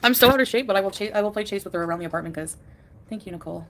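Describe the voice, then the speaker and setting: A woman's voice: mid-range voice, rapid-fire, fairly bright tone. Chatty woman streamer greeting viewers. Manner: chatty, reads out viewer names, giggles often. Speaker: live streamer. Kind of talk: casual livestream chat.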